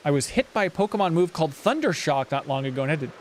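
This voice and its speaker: A man's voice: on the high side, animated, fast talker, slight background noise, lightly acted. A man reading the lines of a wary young female villager plainly.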